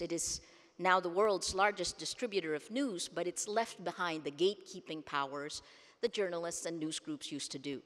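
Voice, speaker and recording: A low-pitched woman gives an emphatic keynote speech into a podium microphone. She is from the Philippines and stresses her points by repeating words. Her voice carries a long echo through a big conference hall. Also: a bit bright. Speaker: keynote speaker. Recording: long reverb of a large hall.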